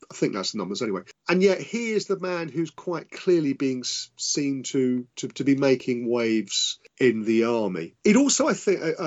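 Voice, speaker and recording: A man's voice: a little high, dull audio. A man, a historian and author, answering interview questions in a hesitant way, with many restarts and qualifiers.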